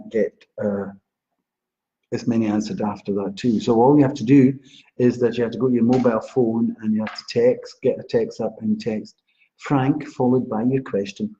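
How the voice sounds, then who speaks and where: A man's voice: medium pitch, dark tone, a little hiss or hum. A man hosting a live stream as a psychic astrologer, greeting viewers by name in a chatty way and giving card readings. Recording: dull lo-fi live-stream audio.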